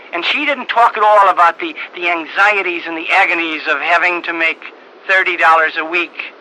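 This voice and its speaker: An older man, a priest, telling a personal story in a halting, earnest way with frequent repeated words. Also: sits high, sharp tone, poor audio. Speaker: priest giving a talk. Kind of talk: storytelling talk. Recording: old tape recording with faint hiss.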